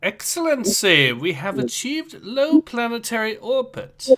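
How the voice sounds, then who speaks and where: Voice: medium pitch, very animated, measured pace, a bit bright, pitched above the performer's own voice. A reader voicing a hesitant, deferential ship captain in a comic read-aloud. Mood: dutiful.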